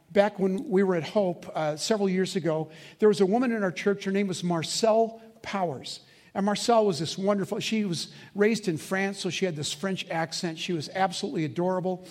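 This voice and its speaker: High-voiced man preaching a sermon. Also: a little mellow. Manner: emphatic, slows down to stress key words; asks the congregation to fill in answers. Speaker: pastor.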